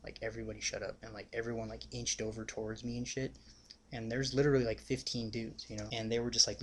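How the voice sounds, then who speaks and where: A man's voice: mid-range voice, flat delivery, fast, a little hiss or hum. A young man casually telling a story on his vlog, rambling and swearing, with constant "like" and "you know". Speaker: vlogger.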